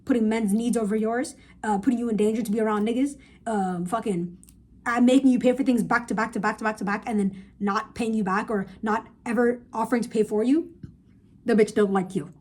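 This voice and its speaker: A woman's voice: fairly high pitch, steady tone, brisk, darkish tone. A young woman in a casual podcast-style rant, giving blunt, emphatic, profane advice to viewers, recorded on a phone. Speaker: vlogger. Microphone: phone camera.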